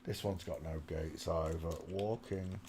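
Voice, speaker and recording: A man's voice: low voice, steady tone, a little slow, warm tone, slight background noise. A man hosting his own live stream, muttering to himself, talking to the viewers and now and then singing a line of a song, on a small desk microphone at home. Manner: muttering, sings snatches of a song. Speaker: channel host.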